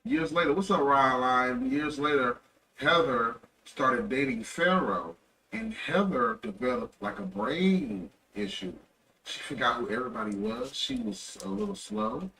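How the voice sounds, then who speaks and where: A young man streams and tells a long, rambling story, often correcting himself. His voice is raspy with fry and has a bright, sharp edge, and his pitch rises and falls a lot. He sits back from the mic, and a faint ambient hum runs underneath. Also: animated, unhurried, far from the mic, poor audio. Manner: rambling, loose, self-correcting. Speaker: livestreamer. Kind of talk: casual storytelling.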